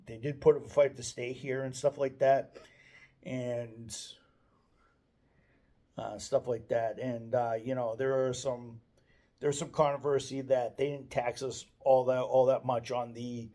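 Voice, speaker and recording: Mellow-voiced man rambling casually. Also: mid-range voice, flat delivery, measured pace. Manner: meandering, hesitant, often restarts sentences. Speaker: daily video blogger. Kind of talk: casual off-the-cuff monologue.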